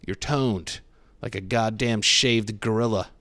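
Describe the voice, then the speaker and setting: Self-mocking man ranting, low dry voice. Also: measured pace, bright, forceful tone, no echo. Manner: self-deprecating, mock-wounded rant with swearing. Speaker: podcast host. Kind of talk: comedic podcast monologue.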